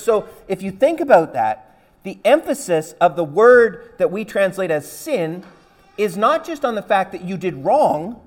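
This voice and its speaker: A pastor preaching an expository sermon, explaining word meanings step by step and asking rhetorical questions. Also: male voice, sits high.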